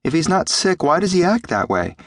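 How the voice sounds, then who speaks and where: A man's voice: fairly high pitch, very animated, a little fast, no room sound, clean studio sound, voice pushed up. Man doing an earnest teenage boy. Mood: worried. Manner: earnest, pleading. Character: earnest teenage boy, worried for his pet.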